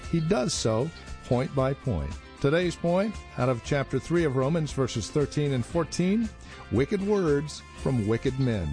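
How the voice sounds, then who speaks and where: A male announcer reading a scripted introduction to a radio program, measured and emphatic. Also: medium pitch, darkish tone. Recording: radio intro with music underneath.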